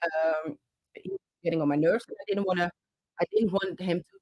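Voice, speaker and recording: A woman's voice: on the low side, a little fast, a little mellow. A woman hosting her own channel, telling a personal story with passion and speaking into a handheld microphone, with many fillers and restarts. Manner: passionate, talks with her hands. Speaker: channel host.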